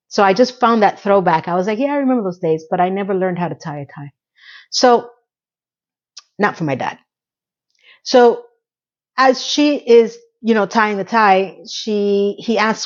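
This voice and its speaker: A middle-aged woman talks through a TV episode in a relaxed vlog style, dropping sarcastic comments and running asides along the way. Her voice sits at an ordinary middle pitch. The recording sounds a bit dull and lo-fi. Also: normal speed. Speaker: TV episode recapper. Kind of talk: casual recap vlog. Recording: slightly dull lo-fi audio.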